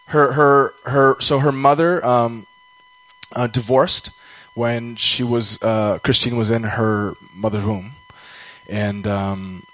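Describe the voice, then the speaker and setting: A man's voice: mid-range voice, steady tone, slow, fairly bright tone, poor audio. A Canadian man telling a personal story during a sermon, rambling and self-deprecating, sometimes acting out the voices of people he quotes.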